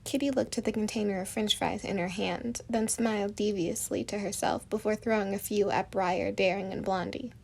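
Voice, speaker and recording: A woman narrating a fan-written story in a steady, descriptive way. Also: medium pitch, moderate pace, vocal fry, few pauses, breathy edge. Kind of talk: storybook reading of fan fiction.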